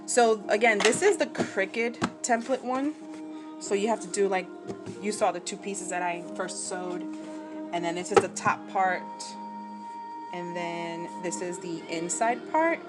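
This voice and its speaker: A woman's voice: medium pitch, a little slow. A woman in her forties from New Jersey, chatting casually and self-mockingly while she sews, rambling off on side stories. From New Jersey, USA. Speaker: crafting vlogger. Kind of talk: casual chat while sewing. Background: background music.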